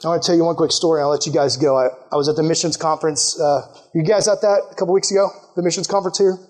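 A man with a high, light voice delivers a relaxed youth sermon. He talks to the room directly in casual slang and acts out the people in his story with quick jumps in pitch. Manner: animated storytelling, acting out characters with sudden high-pitched quotes. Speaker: youth pastor.

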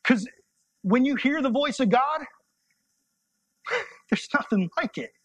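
A young man preaching a sermon as a youth pastor, conversational and impassioned, sometimes dropping to soft, intimate tones. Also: very high voice, animated, takes it slowly, dry recording.

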